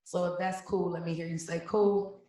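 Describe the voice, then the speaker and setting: A young woman from Cleveland, Ohio performing spoken-word poetry live, with a rhythmic, punchy delivery and loud emphatic refrains. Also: lowish voice, little pitch movement, fairly quick. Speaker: slam poet. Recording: very echoey room, voice from a distance.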